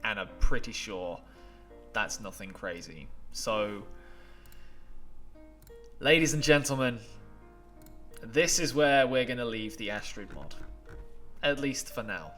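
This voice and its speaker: A man's voice: fairly low pitch, expressive, takes it slowly, long pauses, pushed and bright, soft background music. Emotional chatty gaming YouTuber man. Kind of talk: game playthrough commentary.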